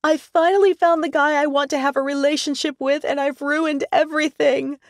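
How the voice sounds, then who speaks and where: A young woman on the edge of tears, high and fluttery as she frets over a new love, put on by a female audiobook narrator. She sounds close and dry, with no room around her. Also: animated, normal speed, no room sound, close to an everyday voice. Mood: distraught. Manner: high, tearful and flustered.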